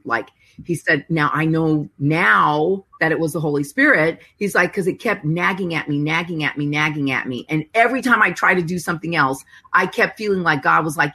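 Female co-host, husky, animated casual storytelling. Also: fairly low pitch. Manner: animated storyteller quoting others. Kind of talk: casual chat, retelling a story.

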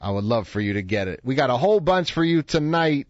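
A man's voice: medium pitch, very animated, fast talker, dry recording. Radio host man telling stories, dry studio. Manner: conversational storytelling, acts out quoted voices. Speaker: radio talk show host. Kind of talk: radio talk monologue. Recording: dry, slightly dull studio sound.

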